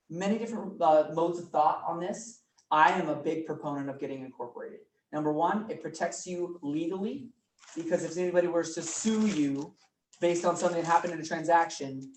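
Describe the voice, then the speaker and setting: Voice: medium pitch, fairly quick, darkish tone. A presenter giving an informal business training talk to a small group, chatty and prone to mid-sentence restarts. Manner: chatty, coins words, corrects himself or herself mid-sentence. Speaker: workshop presenter. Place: office meeting room with a small group. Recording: echoey room, mic far off, faint noise.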